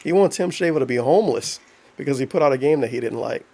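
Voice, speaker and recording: A man's voice: medium pitch, lively intonation, quick pace, vocal fry, warm tone. A man doing casual live-stream commentary, mocking and profane, reading chat aloud between remarks. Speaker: streamer reacting to a video.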